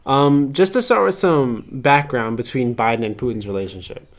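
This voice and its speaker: A man's voice: medium pitch, normal speed. Casual man co-hosting a political podcast. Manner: conversational, joking, many fillers. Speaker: podcast co-host.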